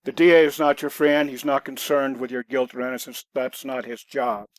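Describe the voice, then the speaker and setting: A man's voice: mid-range voice, steady tone, normal speed, no room sound. A man guest on a podcast, telling self-defense stories in a blunt, matter-of-fact way. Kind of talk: conversational podcast storytelling.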